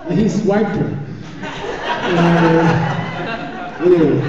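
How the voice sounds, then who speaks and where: A man's voice: high voice, steady tone, takes it slowly, long pauses, a crowd in the background. A man giving a spiritual teaching in a chatty, joking way, often checking in with his listeners. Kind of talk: live dharma teaching. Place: large teaching hall. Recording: echoey hall, far from the mic, dull sound.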